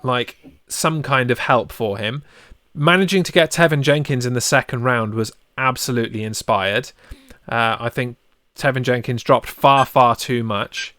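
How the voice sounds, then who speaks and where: A man's voice: mid-range voice, normal speed, no room sound. Guy in his 30s ranting about football, super close dry mic sound. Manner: excitable, animated storytelling. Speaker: podcast co-host. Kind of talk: casual sports podcast chat.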